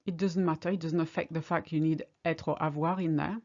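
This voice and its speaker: A woman's voice: sits low, steady tone, a little fast, a little mellow, muffled recording. A woman teaching a language lesson, patiently explaining each example step by step. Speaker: French teacher.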